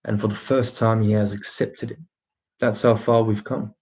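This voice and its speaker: A man's voice: on the low side, level tone, moderate pace, a little mellow. A man co-hosting a spiritual channel, telling a story in an emphatic, scornful way in casual talk. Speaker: channel co-host.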